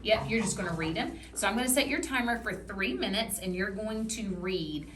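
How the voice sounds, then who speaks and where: A woman reading teacher giving a patient, encouraging one-on-one phonics lesson, modeling words slowly for a student. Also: mid-range voice. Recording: roomy with background noise.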